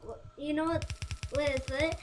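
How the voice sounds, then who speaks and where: Young girl with a very high voice chiming in off to the side, rambling and halting as she talks. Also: fairly even intonation, slight background noise. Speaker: host's daughter. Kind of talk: casual chat.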